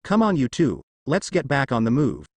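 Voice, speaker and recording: A calm, composed male ninja sensei, as a man reading a fan story voices him. He speaks in a measured way. The sound is dry and close, and his pitch moves with life. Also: slightly rough, dry recording, heavily acted.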